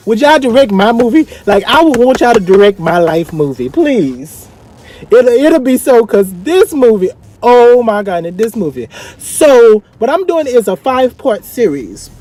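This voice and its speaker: A young man with speech giving an effusive, dramatic casual vlog review, swinging from excited highs to quiet asides. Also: no echo. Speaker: vlogger reviewing a film. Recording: faint music behind.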